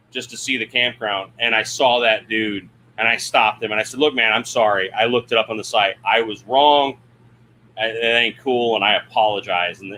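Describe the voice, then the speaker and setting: A man hosting a relaxed livestream from inside his camper, his voice bright and forward. He rambles through stories, laughs at himself, and stops to answer comments from the chat. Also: medium pitch, a little hiss or hum. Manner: rambling, self-deprecating, laughs often, reads chat comments aloud. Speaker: livestream host. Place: RV camper interior at a campground.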